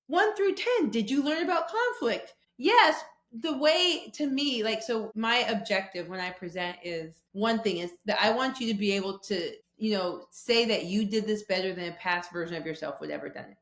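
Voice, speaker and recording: A woman guest on a podcast, telling personal stories about conflict in a lively conversational way, acting out quoted voices. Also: medium pitch, normal speed, few pauses, roomy sound. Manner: animated storytelling with quoted voices.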